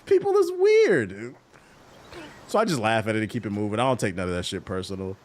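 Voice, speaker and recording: A man streaming a game while telling a story casually, animated, swearing and laughing a lot. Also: fairly low pitch, very fast, slight background noise. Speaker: gaming streamer.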